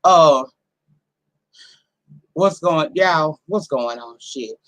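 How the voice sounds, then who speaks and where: A hoarse woman in her forties chats to her live-stream audience from home, her voice roughened by a cold. She talks in a sassy, salty, familiar way, calling her viewers honey and girl, recorded on a simple home setup. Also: low-pitched, extremely slow, fairly bright tone. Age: 40s. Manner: sassy, profane, talks straight to the chat. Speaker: livestream host. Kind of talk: casual live-stream chat.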